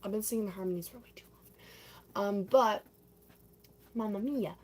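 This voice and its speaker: A woman's voice: mid-range voice, moderate pace, a little mellow. A young woman livestreaming, casually chatting and acting out scenes from a stage musical, breaking into sung snippets.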